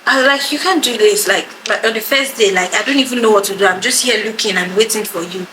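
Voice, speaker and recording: A woman's voice: mid-range voice, fast talker. A woman telling a story in a casual chat, acting out the voices of the people in it. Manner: animated storytelling, acts out quoted voices. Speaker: podcast co-host telling a story. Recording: echoey room with background noise.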